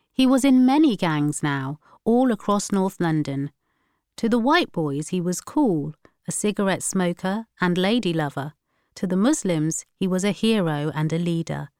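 Woman reading a story, steady and measured, smooth clear voice, dry close mic. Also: fairly low pitch, no room sound. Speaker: narrator. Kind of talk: scripted narration.

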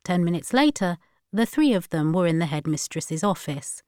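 Smooth, crisp woman storybook narrator. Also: on the low side, no room sound, studio quality. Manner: steady, measured storytelling. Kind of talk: scripted narration.

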